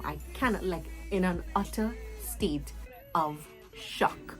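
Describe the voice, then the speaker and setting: A Trinidadian woman in her twenties telling a storytime vlog in an animated, chatty way, with asides to her viewers. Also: on the low side, unhurried, soft background music, rough recording. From Trinidad and Tobago. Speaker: vlogger.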